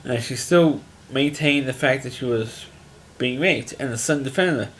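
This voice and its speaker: A man's voice: mid-range voice, normal speed, slight background noise. A man casually recapping a TV episode in a rambling monologue, restarting his sentences often. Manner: rambling, frequent restarts and fillers, plain-spoken. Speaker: TV episode reviewer.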